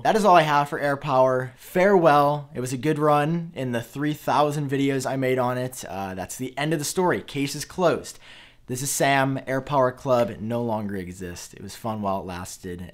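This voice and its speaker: Young man, tech channel host, earnest rambling piece to camera, middle pitch. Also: moderate pace. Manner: earnest, rambling, with fillers and self-corrections. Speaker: tech YouTuber. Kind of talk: talking-to-camera tech commentary.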